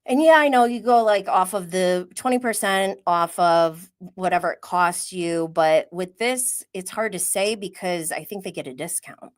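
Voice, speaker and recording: On a live-stream reality TV recap, a woman with a lowish voice talks at normal speed with hardly any pauses. She's chatty and opinionated, laughing often and acting out quoted asides.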